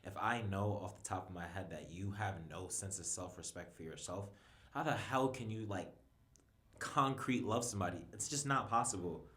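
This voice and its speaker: A man's voice: lowish voice, moderate pace, fairly bright tone, roomy sound. A man talking as a guest on a casual podcast, earnest and emphatic about self-respect. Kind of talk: casual chat.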